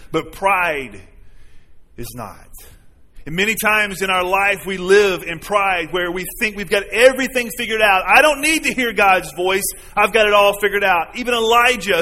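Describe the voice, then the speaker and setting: A man's voice: high-pitched, sharp tone. A man preaching a sermon to his congregation, earnest and conversational, often asking them questions. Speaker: pastor. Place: church sanctuary. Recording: long hall reverb.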